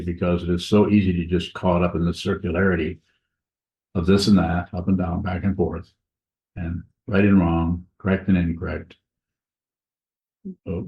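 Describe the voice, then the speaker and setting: A man with a very low voice gives a slow, halting Dharma talk, pausing often and circling back on his words. He speaks in a monastery meditation hall. The recording is echoey and a little dull. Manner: slow, halting, many pauses and restarts. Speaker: Buddhist teacher.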